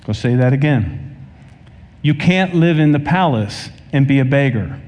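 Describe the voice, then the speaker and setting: Male preacher, warm dark tone, big reverberant sanctuary sound, acts out his anecdotes. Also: mid-range voice, lively intonation, unhurried. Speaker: pastor. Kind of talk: sermon. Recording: long hall reverb.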